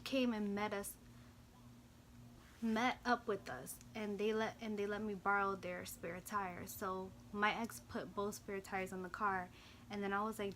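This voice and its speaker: Bright-voiced young woman telling a storytime. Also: mid-range voice, moderate pace, slight background noise. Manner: animated, slangy, swears, lots of "like". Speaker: vlogger. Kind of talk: casual storytime.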